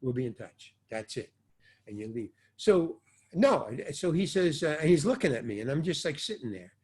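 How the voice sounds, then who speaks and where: Husky older man spinning a story. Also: on the high side, moderate pace. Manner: animated, acts out dialogue, loose and profane. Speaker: actor interviewee. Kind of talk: casual anecdotal storytelling.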